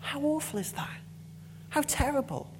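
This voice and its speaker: A woman's voice: high-pitched, animated, moderate pace, slight background noise. A woman giving a conference talk, passionate and emphatic, with blunt swearing when annoyed. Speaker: conference speaker.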